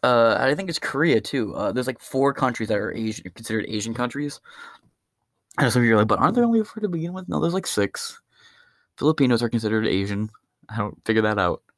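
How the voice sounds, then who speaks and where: A man's voice: on the low side, fairly quick, dry recording, clean studio sound. Profane, rambling male podcast comic. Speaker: podcast host. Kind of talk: stand-up style rant.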